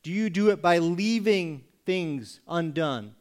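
A man preaching as a pastor, asking pointed rhetorical questions and pausing for effect. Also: on the high side, expressive, a little mellow, clear, resonant tone. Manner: rhetorical questions with dramatic pauses; acts out congregation voices mockingly. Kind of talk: sermon.

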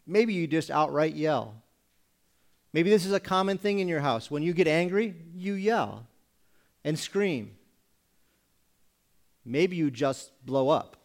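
A man delivering a sermon in a slightly higher voice. He asks the room pointed rhetorical questions and leaves pauses between them. Now and then he briefly takes on other people's voices to make a point. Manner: acts out congregation voices mockingly. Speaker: pastor.

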